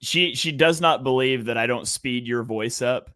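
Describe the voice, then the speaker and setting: Bright-voiced man, dry close sound. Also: medium pitch, normal speed, no echo. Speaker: podcast host. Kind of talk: casual chat.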